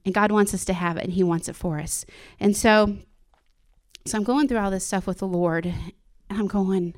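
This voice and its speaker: A woman's voice: medium pitch, moderate pace. A woman speaking to her church in an informal sermon, earnest and personal, often breaking into laughs and restarting her sentences. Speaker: church speaker sharing a devotional.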